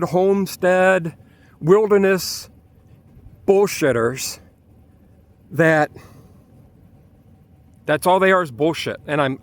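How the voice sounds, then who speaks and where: A man ranting outdoors in a vlog with an angry, exasperated manner and frequent restarts, with a Michigan accent. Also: high voice. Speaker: vlogger.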